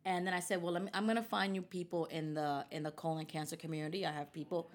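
A woman with a fairly low voice tells a personal story in a relaxed interview. She talks animatedly and slips into the voices of the people she quotes. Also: fast talker. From United States. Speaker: guest. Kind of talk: conversational storytelling.

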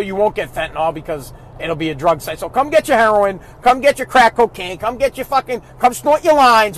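A father ranting bluntly about raising kids, swearing heavily and raising his voice as he talks. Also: very high-pitched. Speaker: father giving opinions. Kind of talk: profane ranting monologue.

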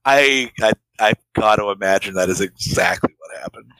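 Male co-host, low but bright and sharp, dry delivery, dry close mic. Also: moderate pace, clear, resonant tone, no room sound, rough recording. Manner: dry wisecracks, reads trivia aloud. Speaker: podcast co-host. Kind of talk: casual movie chat.

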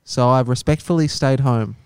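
A man co-hosting a laid-back podcast, teasing his friends in a dry, deadpan way. The sound is close and dry, with no room echo. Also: mid-range voice, normal speed, clear, resonant tone. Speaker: podcast co-host. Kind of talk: casual chat.

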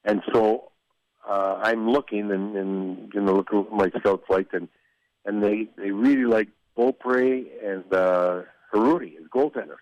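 A man's voice: lowish voice, fairly even intonation, a little slow, darkish tone, no room sound. An older man, a former hockey executive, telling stories in a rambling way with restarts and chuckles. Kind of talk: casual storytelling interview. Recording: dull lo-fi dry sound.

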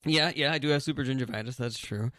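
A man's voice: mid-range voice, fast, pushed and bright, no room sound. A young man co-hosting a radio chat, rambling with lots of fillers. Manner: rambling, filler-heavy, full of "like" and "uh". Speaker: radio show co-host. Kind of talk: casual chat.

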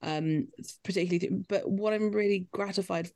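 Candid woman, gravelly voice. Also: mid-range voice, brisk. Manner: candid, animated storytelling with restarts. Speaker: guest. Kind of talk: casual podcast chat.

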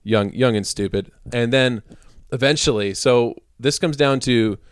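A man's voice: mid-range voice, unhurried, clean tone, no room sound, studio quality. Laid-back young man telling a story. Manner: laid-back, laughing often, swearing. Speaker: podcast co-host. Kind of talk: casual storytelling chat.

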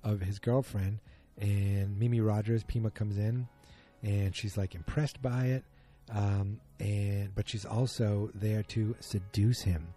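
A man walks through a TV episode in a rambling, opinionated way, with frequent fillers and personal asides. His voice sits low and sounds dark and somewhat husky. Faint music plays behind him. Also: steady tone, slow pace. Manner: chatty, opinionated, many fillers. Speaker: TV episode recapper. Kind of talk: casual episode recap.

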